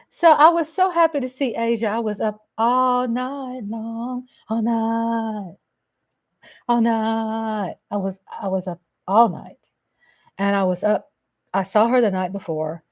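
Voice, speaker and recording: Slow, chatty woman livestream host. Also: a little high. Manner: slow, chatty, sings snippets and calls viewers baby and darling. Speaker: livestream host reading chat. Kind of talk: casual livestream chat.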